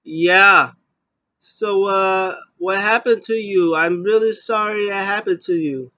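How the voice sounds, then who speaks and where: A man's voice: high-pitched, slow pace, sharp tone, voice pushed up, full character voice. A man imitating a concerned female wrestler who offers hesitant sympathy. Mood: sympathetic.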